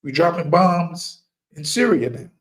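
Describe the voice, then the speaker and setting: Forceful, preachy man, slow and emphatic. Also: fairly high pitch, expressive. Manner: emphatic, repeats key lines for effect; rhetorical questions to listeners. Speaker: firearms trainer. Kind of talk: impassioned preaching monologue.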